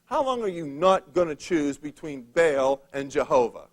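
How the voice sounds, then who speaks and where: A preacher speaking as a bold, smart-aleck prophet who talks in loose, modern phrases. His voice sits somewhat high for a man, and he taunts and commands with easy confidence. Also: very animated, moderate pace. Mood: commanding. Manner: brash, taunting, casual modern speech. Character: bold, mocking male prophet Elijah.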